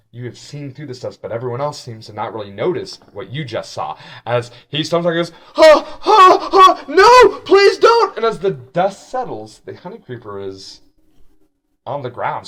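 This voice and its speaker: A man's voice: medium pitch, lively intonation, normal speed. A man narrating as game master, rambling with frequent restarts. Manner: rambling, many restarts and fillers.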